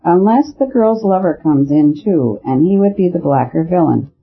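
An eager detective thinks out loud in a quick, argumentative way, as a male reader plays him. His voice is husky and pitched a little high, and it comes through a thin, phone-like line. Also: animated. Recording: narrow phone-like sound.

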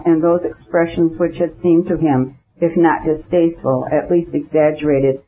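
Husky-voiced male audiobook narrator. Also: a little high. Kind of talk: scripted narration of a classic novel. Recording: dull lo-fi recording.

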